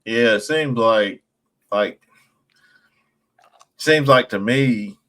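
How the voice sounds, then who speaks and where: A man hosting a podcast, chiming in slowly and reflectively on a guest's story. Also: medium pitch, a bit bright. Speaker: podcast host. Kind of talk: casual chat.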